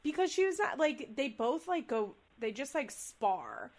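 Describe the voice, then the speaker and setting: Young woman cohosting a podcast, acts out quotes big, fairly high voice. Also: big pitch swings, a little slow. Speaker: podcast co-host. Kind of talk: casual chat recapping a reality show.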